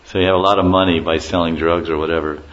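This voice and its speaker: A man's voice: low-pitched, fairly even intonation, brisk, a bit bright. A man giving an informal spiritual lecture, telling stories with chuckles and acting out the quotes. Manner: storytelling, chuckling, acts out quotes. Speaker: spiritual teacher. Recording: muffled lo-fi recording with faint hiss.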